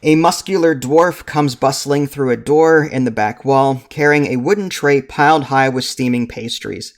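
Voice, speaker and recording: A man reading a storybook board game aloud in a relaxed way, with dry self-mocking asides. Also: medium pitch, normal speed. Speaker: game host reading to a partner.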